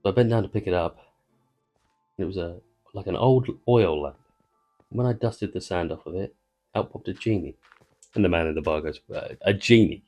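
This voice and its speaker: With soft music in the background, a man plays a video game and rambles casually, attempting a joke while interrupting himself. His low, mellow voice moves at normal speed with frequent pauses, in the style of a let's-play creator.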